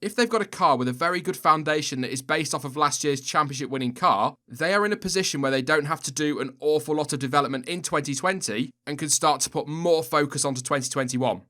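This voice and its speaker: A man's voice: fairly high pitch, fast talker, pushed and bright. A young man hosting a solo motorsport commentary video, chatty and opinionated with self-deprecating asides. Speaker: F1 video host.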